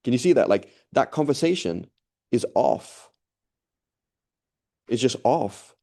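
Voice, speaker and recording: A man's voice: medium pitch, lively intonation, takes it slowly, dark tone. A man giving a casual religious talk in a conversational way, often checking in with the listener and acting out quoted dialogue. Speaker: religious teacher.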